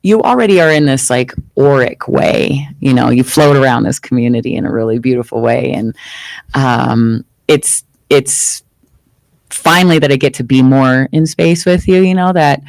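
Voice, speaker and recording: A host talks in an effusive, heartfelt way, reaching often for spiritual words. The voice sits at a middle pitch. The studio sound is dry and close. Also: normal speed, gravelly, no echo, low-quality recording. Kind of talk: casual chat. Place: studio live session.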